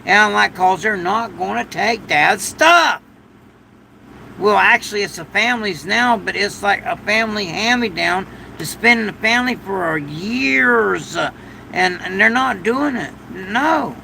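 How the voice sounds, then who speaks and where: An older man with a gravelly voice, rambling through a casual livestream from a shed during a storm, now and then loudly thanking his viewers. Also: high-pitched, lively intonation, moderate pace, a little hiss or hum, rough recording. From United States. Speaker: livestream host.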